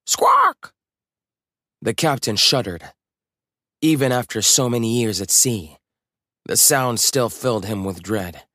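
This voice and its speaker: Man calmly narrating a storybook. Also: mid-range voice, no echo, studio quality.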